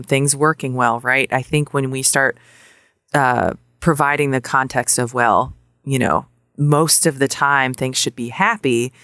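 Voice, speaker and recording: A woman's voice: a bass voice, a bit bright, dry recording, clean studio sound. A woman psychologist, a guest on a podcast, explaining parenting at length with many fillers and restarts. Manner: explanatory, full of fillers and self-corrections. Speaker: child psychologist and book author. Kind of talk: podcast interview answer.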